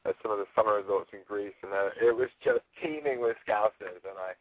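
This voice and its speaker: Speaking as a radio call-in guest, this man rambles, cracks jokes, stammers through frequent restarts, and laughs a lot. He has a fairly low voice and a brisk delivery, captured in a rough recording with no room sound.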